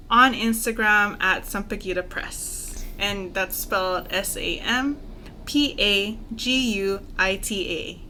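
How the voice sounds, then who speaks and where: A woman co-hosting a podcast, chatting casually with frequent soft affirmations. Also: mid-range voice, a little hiss or hum. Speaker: podcast co-host. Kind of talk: casual chat and read recommendation.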